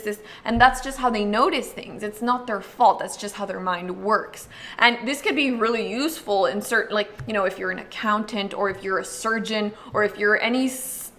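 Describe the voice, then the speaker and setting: A woman hosting an astrology video, talking casually and explaining to the viewer, full of "like" and quick acted-out quotes. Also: a little high, pushed and bright. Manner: chatty, uses lots of "like", acts out quick voices. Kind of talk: casual explanatory talk to camera.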